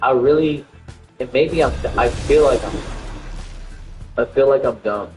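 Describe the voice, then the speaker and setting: A man's voice: medium pitch, a little slow, a little mellow. A man streaming live, ranting in outrage and repeating himself as he reacts. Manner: indignant, repetitive, ranting. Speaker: game streamer. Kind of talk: livestream reaction rant. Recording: echoey room with faint music.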